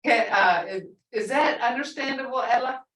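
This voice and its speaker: A middle-aged woman teaching a live language lesson, repeating words slowly and patiently for her learners. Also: a little high, fairly bright tone. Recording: echoey room, far from the mic.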